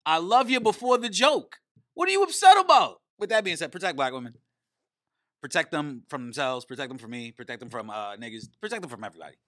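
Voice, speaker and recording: High-voiced, profane male podcast host. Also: fast, no echo, clean studio sound. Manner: profane, animated, riffing. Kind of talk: comedic rant and podcast hosting.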